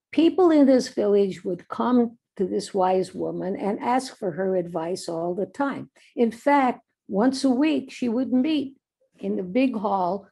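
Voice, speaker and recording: A woman's voice: mid-range voice, vocal fry, dark tone, slightly rough. A woman giving a commencement address, urging the graduates earnestly and telling a story. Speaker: commencement speaker.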